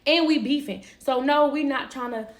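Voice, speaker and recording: A young woman talks straight to her listeners in an animated, unfiltered storytelling style. Her voice sits a little on the high side, and she drops casual curses without slowing down. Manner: candid, animated, swears and laughs often.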